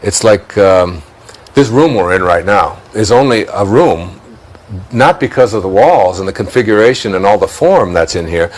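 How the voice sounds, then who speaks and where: A man's voice: on the low side, lively intonation, moderate pace, poor audio. A man with a Detroit accent, speaking as a guest in a reflective spiritual interview, musing aloud, chuckling often and repeating words as he thinks.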